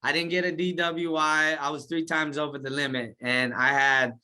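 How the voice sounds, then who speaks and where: A man's voice: a little high, moderate pace, clean tone. A man recounting his life story in a casual interview, talking in slang and acting out what he said back then. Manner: animated, slangy, acts out his own past words.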